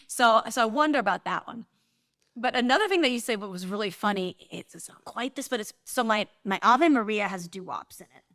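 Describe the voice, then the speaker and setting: Lively woman telling stories in an interview. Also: on the high side, a little fast, no room sound, clean studio sound. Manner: animated, laughs often, acts out quotes. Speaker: guest, singer and composer. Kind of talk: casual interview storytelling.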